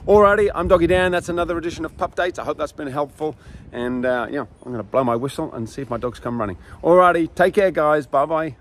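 A male dog trainer explaining his methods in an easygoing, chatty way. His voice sits a little high and swings widely up and down as he acts out dogs and owners. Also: animated, quick pace, background noise. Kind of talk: casual instructional talk.

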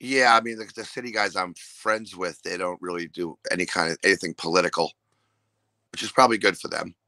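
A man with a New York accent and a lowish, sharp-edged voice rants and swears through his stories. He jumps into loud mock voices as he tells them. The recording is close and dry. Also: a little fast, no echo, low-quality recording. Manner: profane, ranting, acts out loud impressions of hecklers and drunks. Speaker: comedian guest. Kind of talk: casual podcast chat.

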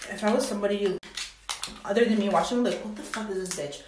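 A young woman vlogging casually at home, excitable and dramatic, with sudden loud exclamations. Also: mid-range voice, fast. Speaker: beauty vlogger. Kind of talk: casual vlog chat. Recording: echoey room with faint noise.

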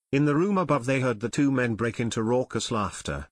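A man reads an audiobook in an expressive way, his pitch moving widely through each sentence. The recording is dry and close, with no room sound. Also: brisk, dry recording. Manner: expressive, voices every character. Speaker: audiobook narrator. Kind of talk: audiobook narration.

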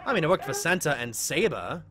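A woman streaming a horror game live, chatting with viewers between playful in-character asides and breaking into excited yelps during chases. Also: low voice, a little fast, background noise. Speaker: gaming streamer. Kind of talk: live game commentary with chat.

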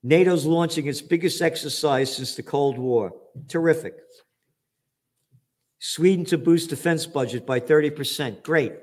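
A man with a higher-than-average voice takes his time as he hosts his show. Working as a trends forecaster, he reads out news headlines and lashes back at them with cursing, sarcastic, shouted rants.

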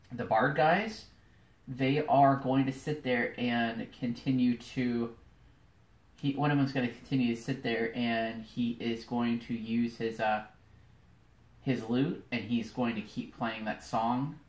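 A woman narrating as dungeon master in a casual, rambling way. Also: a bass voice. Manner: casual, rambling with many fillers. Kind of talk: narrating a tabletop game. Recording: echoey room.

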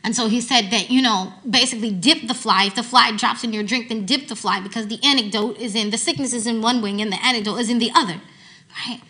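An American woman teacher giving a sermon to a women's gathering, telling stories with lively swings from hushed to loud. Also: a little high, fast talker. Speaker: Islamic teacher.

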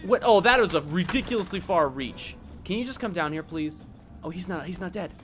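A man's voice: high-pitched, lively intonation, brisk, slight background noise. A man casually commenting on his gameplay, chatty and joking, often laughing. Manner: chatty, laughing, playful jokes. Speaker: let's play host.

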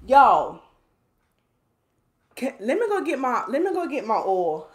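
A woman's voice: on the high side, sing-song, a little slow, pauses often, echoey room. A woman, a hair stylist chatting playfully with viewers while doing a hair tutorial at home. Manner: chatty, playful, talks to viewers as y'all, reads comments aloud. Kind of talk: casual livestream hair tutorial chat.

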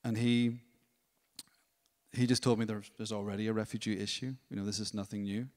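A man's voice: lowish voice, a little fast. Man telling a story in a reverberant church. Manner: storytelling, animated, acts out voices. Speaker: worship leader. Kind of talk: testimony at a church service. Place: church hall.

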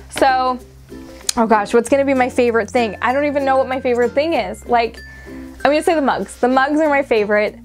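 A high-pitched woman gushes through a casual unboxing, gasping and squealing over each item. Her voice sits well above the usual range. Soft music plays faintly underneath. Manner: gushing, excitable, frequent gasps and squeals. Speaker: unboxing vlogger.

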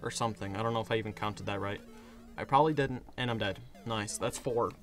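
A hoarse young man giving casual commentary while playing a game, getting frustrated and yelling at it. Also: fairly low pitch, fast, soft background music. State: hoarse, voice worn out. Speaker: gaming video creator.

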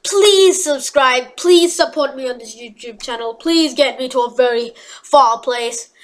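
High-voiced chatty woman gaming. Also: a little slow, poor audio. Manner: chatty, rambling, excitable outbursts. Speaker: gaming YouTuber. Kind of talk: gameplay commentary.

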